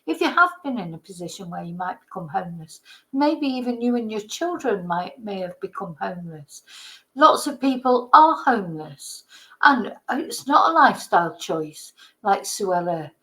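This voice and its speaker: A woman's voice: mid-range voice, very animated, moderate pace, bright, forceful tone, poor audio. A woman from Britain, a vlogger, delivering an indignant, heated political rant with some swearing.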